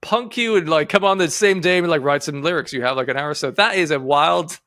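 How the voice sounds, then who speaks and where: A man's voice: a little high, brisk, a bit bright, dry recording. Man hosting a dry, close interview. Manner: enthusiastic, rambling questions with restarts, casual swearing. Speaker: interview host. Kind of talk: casual interview chat.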